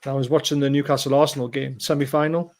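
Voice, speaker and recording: A man co-hosting a football podcast, telling match stories in an animated, excitable way. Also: mid-range voice, fast talker. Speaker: podcast co-host. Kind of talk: casual football chat.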